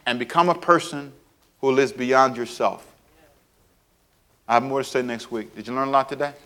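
A man preaching a sermon in an animated way, acting out little scenes with sound effects and playful asides. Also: medium pitch, moderate pace. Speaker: pastor.

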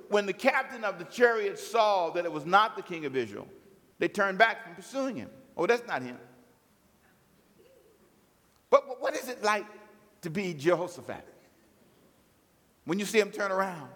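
A man preaching a sermon, acting out biblical characters and calling on the congregation to join in. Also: extremely high pitch. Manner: animated storytelling, acts out biblical characters. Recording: long hall reverb.

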